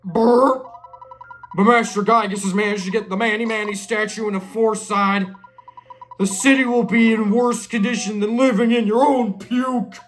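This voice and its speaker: A woman's voice: on the high side, fairly even intonation, moderate pace, soft background music, natural voice. A woman voicing a gross male fly-monster boss who gloats and growls between burps. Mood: gloating.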